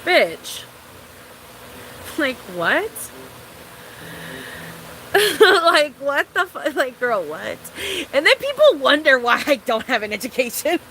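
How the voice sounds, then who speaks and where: A woman's voice: sits high, sing-song, slow, long pauses, pushed and bright, slight background noise, poor audio. A young woman vlogger ranting in a casual storytime, exasperated and incredulous, swearing freely and laughing often.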